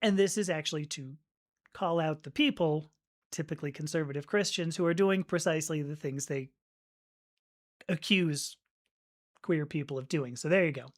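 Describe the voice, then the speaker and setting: A woman's voice: deep voice, normal speed, pauses often. Chatty woman hosting a live stream. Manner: chatty and reflective, frequent fillers and restarts, laughing along. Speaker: livestream host reading viewer comments. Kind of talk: casual live-stream chat.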